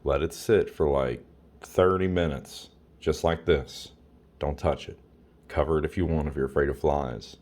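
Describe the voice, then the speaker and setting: A home cook films a casual recipe tutorial on his phone camera in his own kitchen, his voice rumbling low and a little mellow. He keeps a steady tone and moderate pace, blunt and crude, repeating his instructions again and again.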